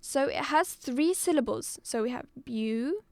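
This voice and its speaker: A woman teaching a live online exam-prep lesson, patient, repeating words slowly and clearly. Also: sits high, expressive, no room sound. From Algeria.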